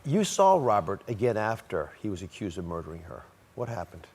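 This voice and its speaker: A man with a fairly low voice hosts a TV talk show. He asks brisk, direct questions and introduces the next segment. His voice has a lingering reverb, as if recorded in a large studio. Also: big pitch swings, darkish tone, husky. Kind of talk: interviewing and show segues.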